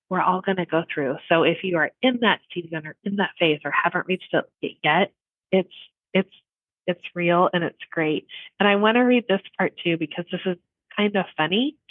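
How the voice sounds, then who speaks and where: Animated middle-aged woman telling stories. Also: on the low side, normal speed, no echo, phone-quality sound. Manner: animated storyteller, laughs often. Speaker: podcast co-host. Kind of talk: casual chat.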